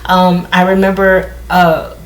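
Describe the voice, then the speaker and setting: A woman's voice: lowish voice, little pitch movement, slow, slight background noise. A woman talking casually to her viewers, rambling with asides and laughs. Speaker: spiritual vlogger. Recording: echoey room.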